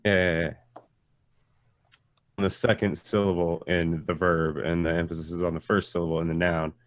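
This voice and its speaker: A man's voice: deep voice, little pitch movement, normal speed, no room sound. A man in a casual chat, teasing and arguing his point playfully. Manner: playfully argumentative. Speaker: guest.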